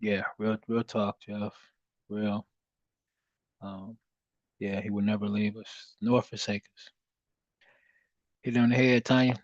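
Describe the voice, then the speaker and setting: Laid-back low-voiced man, dry close mic. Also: level tone, takes it slowly, long pauses, no echo, dull audio. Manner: laid-back, chatty, reads chat aloud. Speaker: livestream trading host. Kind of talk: casual livestream chat.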